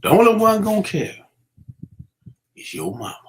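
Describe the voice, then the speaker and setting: A man's voice: high-pitched, very animated, normal speed, a little hiss or hum. A middle-aged man giving casual, preachy commentary, using street slang and many fillers as he warns young people. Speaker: vlogger.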